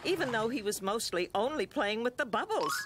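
A woman narrating a children's cartoon in a clear storytelling manner. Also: fairly high pitch, lively intonation, a little fast.

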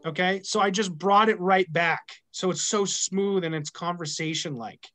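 A man's voice: sits high, moderate pace, bright, forceful tone, soft background music. A man running a sales training session, upbeat and motivational, often ending points with "right?". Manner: upbeat, repetitive rhetorical "right?".

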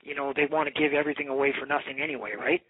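Man, husky voice, rambling, phone line sound. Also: mid-range voice, level tone, racing, no room sound. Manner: rambling storyteller, swears. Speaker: bow maker. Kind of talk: casual phone conversation.

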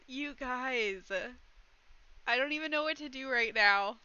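A woman's voice: sits high, expressive, slow pace, pushed and bright, smooth, highs cut off. A woman streaming casually, chatting to her viewers and gushing thanks, close to tears. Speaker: streamer hosting Bible study. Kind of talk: casual livestream chat.

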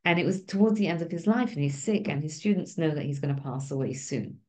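A woman's voice: sits low, lively intonation, fast, mellow. A woman teaching a Torah class in an informal, conversational way, often checking in with the listeners. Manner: conversational, keeps asking "right?".

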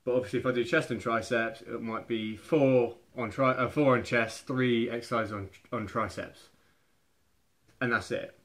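Chatty young gym vlogger. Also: male voice, mid-range voice, steady tone, normal speed, fairly bright tone. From England. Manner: chatty, rambling, often restarts mid-phrase. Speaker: fitness vlogger. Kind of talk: casual advice talk to camera.

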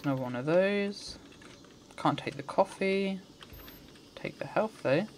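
A man's voice: sits high, animated, a little slow, slight background noise. Man muttering through a game. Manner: mutters to himself, swears, rants when frustrated. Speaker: gamer. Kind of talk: let's play commentary.

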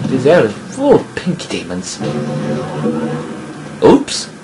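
A man giving live commentary while playing a shooter game, excitable and full of startled exclamations. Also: medium pitch, slow, over loud music. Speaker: let's play gamer.

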